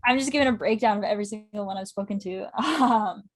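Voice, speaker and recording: A young woman from Canada, a podcast guest chatting casually in an interview, quick and talkative, laughing often and saying "like" constantly. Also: mid-range voice. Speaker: podcast guest, club correspondent.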